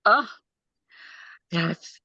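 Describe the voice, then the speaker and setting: A woman's voice: extremely slow, pushed and bright, no echo, muffled recording. A woman telling an emotional personal story as a guest parent, acting out quotes and laughing often. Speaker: guest, parent of an autistic son.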